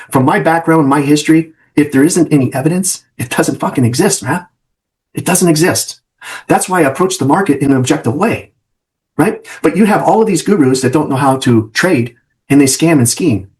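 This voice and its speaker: A man's voice: fairly high pitch, expressive, a little fast. A middle-aged man and trading mentor talking straight to camera in an emphatic vlog, repeating phrases and asking "right?" after his points.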